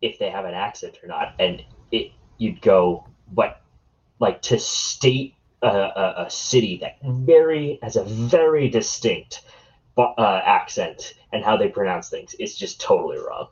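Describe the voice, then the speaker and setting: A man's voice: fairly low pitch, measured pace. A man co-hosting a podcast in casual chat, making dry, blunt remarks. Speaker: podcast co-host. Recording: dull, lo-fi mic.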